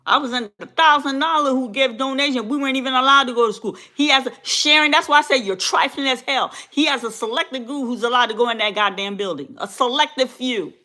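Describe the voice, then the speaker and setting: A woman's voice: high-pitched, fairly quick, few pauses, pushed and bright. Fiery woman ranting on a livestream. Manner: fiery, repetitive, exclamatory, talks back to chat. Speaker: livestream host. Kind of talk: heated livestream rant.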